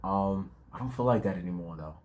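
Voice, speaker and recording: A man's voice: low voice, fairly quick, darkish tone, slight background noise. A man of twenty in a casual, reflective vlog monologue, full of slang and fillers, talking outdoors at dusk. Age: 20s. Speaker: vlogger.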